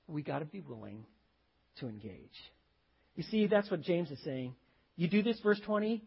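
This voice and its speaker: A man preaching a sermon as a pastor, telling stories and rising to sudden loud emphasis. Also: high-pitched, very animated, moderate pace, slightly rough, muffled recording.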